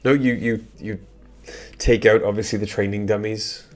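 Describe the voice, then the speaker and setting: A man running a tabletop game as dungeon master, narrating in a slow, halting way with many pauses and ums. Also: fairly low pitch, steady tone, darkish tone.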